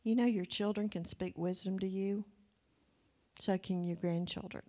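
A woman's voice: mid-range voice, steady tone, normal speed, warm tone. Chatty woman in her sixties preaching. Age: 60s. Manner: chatty, asks the audience questions. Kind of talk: conversational sermon.

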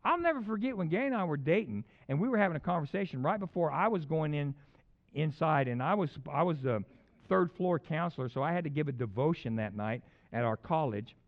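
A male pastor telling a personal story in a sermon, swinging between loud bursts and hushed asides. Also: fairly high pitch, lively intonation, brisk, highs cut off.

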